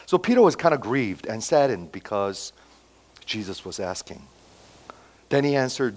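Animated male preacher, loud then hushed. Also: mid-range voice, normal speed. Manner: animated, swinging between loud emphasis and quiet asides; acts out quoted dialogue, repeats phrases. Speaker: pastor. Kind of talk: sermon.

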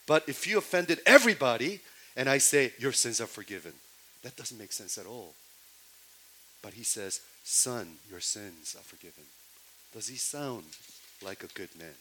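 A middle-aged male pastor preaching a sermon, asking the congregation rhetorical questions and swinging between loud emphasis and hushed lines, with non-native English phrasing and restarts. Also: mid-range voice, slight background noise, poor audio.

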